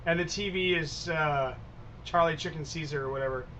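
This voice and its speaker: A man running a tabletop role-play session as storyteller, easygoing and halting, with many fillers and restarts. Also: a little high, bright, forceful tone, slight background noise, rough recording.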